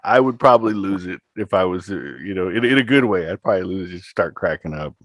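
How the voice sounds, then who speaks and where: A man's voice: low voice, quick pace, a bit bright, no echo. A man hosting a podcast, chatting casually with many fillers. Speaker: podcast host. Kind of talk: casual chat.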